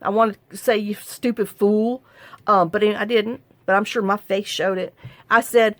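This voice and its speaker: A woman's voice: medium pitch, steady tone, moderate pace, a bit bright, no echo. This is a middle-aged woman, chatting on camera as she works on a craft project. She rambles through her story, circling back with fillers and restarts, in an easygoing, talkative way. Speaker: crafting vlogger. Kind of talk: casual chat while crafting.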